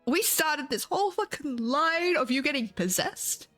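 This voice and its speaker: A cocky young man, mocked by a woman in a squeaky, far higher voice. The words come slow and drawn out, dripping with mockery. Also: animated, a bit bright, soft background music. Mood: mocking.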